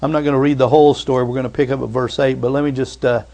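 A man preaching a sermon in a conversational way, retelling scripture and rising to loud emphatic bursts. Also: mid-range voice, little pitch movement, rapid-fire, gravelly. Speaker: pastor.

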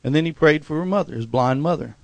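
A preacher, a man, tells stories from the pulpit in a higher-than-usual gravelly voice. He leaps up into loud, excited peaks, acts out the voices of people in his stories and keeps calling out for an amen. The sound is close and dry, with no room echo. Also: fast. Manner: calls for "amen" and "hallelujah" response. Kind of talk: sermon with storytelling.

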